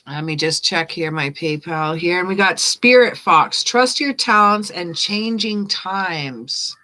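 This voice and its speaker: A woman giving tarot readings on a casual live stream, chatting and reading card meanings aloud as she thinks out loud. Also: fairly low pitch, takes it slowly, low-quality recording. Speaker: tarot reader.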